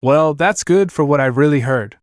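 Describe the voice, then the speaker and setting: A man's voice: a little high, moderate pace, no room sound, clean studio sound, natural voice. A man voicing an easygoing young male student while reading fan fiction aloud.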